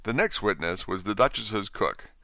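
A man narrating a storybook in an expressive, animated way on a close mic. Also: fairly low pitch, moderate pace, dry recording. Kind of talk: storybook reading.

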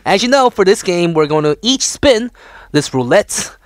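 A man's voice: high-pitched, expressive, moderate pace, no room sound. A man co-hosting a show, upbeat and giggly in casual banter. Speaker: podcast co-host.

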